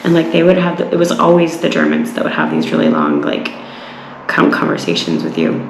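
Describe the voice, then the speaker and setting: Gravelly woman from Utah rambling. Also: rumbling low, big pitch swings, brisk, roomy sound, slight background noise, rough recording. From Utah, USA. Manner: rambling, many fillers and restarts. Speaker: travel vlogger. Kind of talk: casual walking vlog. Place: outdoors on a walk.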